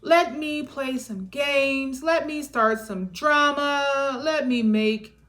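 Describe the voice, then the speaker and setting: A woman's voice: a little high, fairly bright tone. A woman voicing a controlling, manipulative past lover who taunts and whispers her confessions. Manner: taunting, shifts into whispered confessions and fake sweetness.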